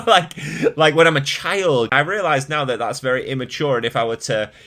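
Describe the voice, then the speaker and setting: A man's voice: mid-range voice, brisk, sharp tone. Man, mild Mancunian accent, candid vlog rant, exasperated, self-mocking laughs, casual swearing. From Manchester, England. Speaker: fitness YouTuber.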